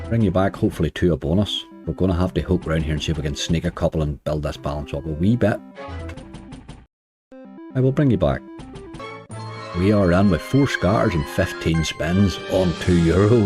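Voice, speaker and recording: Low-voiced man chatting over slot play. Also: a little mellow. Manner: chatty, muttering to the game and cheering it on. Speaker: slots streamer. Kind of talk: casual commentary over gameplay.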